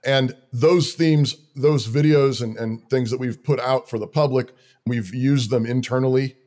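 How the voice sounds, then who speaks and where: A man's voice: medium pitch, steady tone, a little slow, darkish tone. A man who leads a church, talking through practical Christian living in an earnest, rhythmic way, often stacking short commands in lists. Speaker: church leader. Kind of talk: conversational interview talk.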